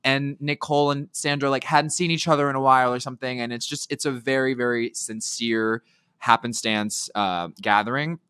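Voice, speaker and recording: A man's voice: mid-range voice, normal speed, clear, resonant tone, dry recording. A man co-hosting a podcast, chatting casually and gushing as he tells stories. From United Kingdom. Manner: gushing, animated storytelling. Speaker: podcast co-host. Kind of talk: casual chat.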